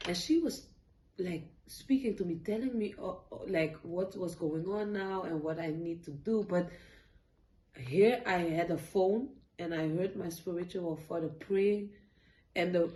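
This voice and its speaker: A young woman tells a painful personal story in a vlog, halting and tearful, with many fillers and restarts. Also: fairly low pitch, warm tone, a little hiss or hum, rough recording. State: tearful at times. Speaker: vlogger. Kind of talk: emotional personal story time.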